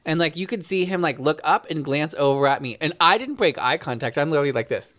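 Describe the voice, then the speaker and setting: Lively playful podcast co-host. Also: mid-range voice, quick pace. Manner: storytelling, playful, lively asides. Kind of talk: casual chat.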